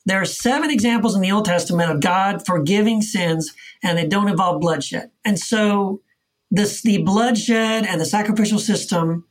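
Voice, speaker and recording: Earnest man explaining emphatically. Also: high-pitched. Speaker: author guest. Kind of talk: casual conversational interview. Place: Texas.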